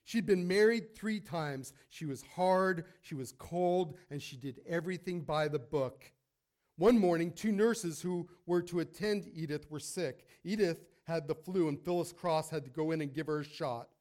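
A man preaching a sermon, telling a story and calling out to the congregation in an animated way. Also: on the high side, moderate pace. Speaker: pastor.

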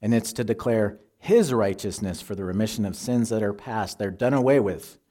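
Middle-aged male pastor, mellow and low-pitched; measured, earnest sermon delivery. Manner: earnest, measured teaching with scripture quotes. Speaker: preacher.

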